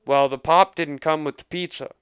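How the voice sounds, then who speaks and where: A man's voice: fairly high pitch, normal speed, clean tone, dry recording. A man co-hosting a casual podcast, telling a rant-filled story full of swearing and acting out the people he quotes. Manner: animated, swears constantly, acts out quoted people. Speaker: podcast co-host. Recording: tinny phone-like audio.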